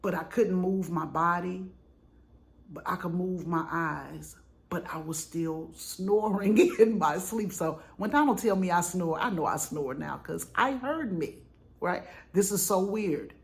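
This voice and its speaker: A middle-aged woman vlogger telling a personal story in an animated, chatty, dramatic way. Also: on the low side, measured pace, gravelly. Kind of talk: casual storytelling.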